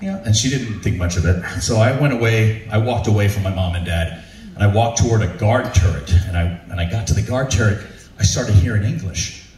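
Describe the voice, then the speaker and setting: Hosting his own show on a ship, this comedic storyteller speaks in a fairly low, brisk voice, animatedly performing stand-up stories for a live crowd. He laughs frequently and acts out other people's lines. A distant mic in a roomy hall picks up faint ambience plus a little hiss or hum.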